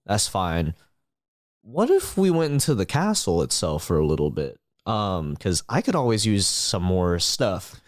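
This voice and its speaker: Lively casual tabletop player. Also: low voice, unhurried, dry recording, clean studio sound. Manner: casual, thinking out loud. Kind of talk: tabletop game chat.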